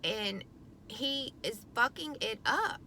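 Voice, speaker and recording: A woman's voice: on the high side, lively intonation, takes it slowly, pushed and bright, a little hiss or hum. A middle-aged woman venting to camera about her teenage son, frustrated, swearing often and rambling with lots of ums. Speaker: vlogger, parent of a teenager.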